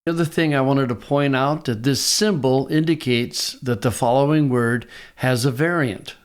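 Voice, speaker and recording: A man's voice: medium pitch, normal speed, clear, resonant tone. An older man teaching a Greek lesson, explaining the grammar step by step and asking rhetorical questions. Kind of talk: slow, deliberate Greek lesson.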